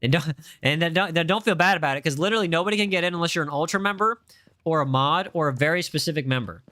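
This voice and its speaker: A young man hosts a casual livestream, joking and bickering with his chat. His voice is bright and sits a little high for a man. The sound is close and dry, with no room around it. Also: fast, no echo. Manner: playful, defensive banter with chat. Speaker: livestream host.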